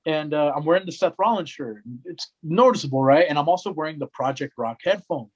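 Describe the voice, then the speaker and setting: Through dull-sounding audio, a young man with a fairly high voice, a wrestling commentator, talks fairly quickly while telling a story in a relaxed podcast chat. He acts out everyone's voices in an animated way, with plenty of "man" and "right?"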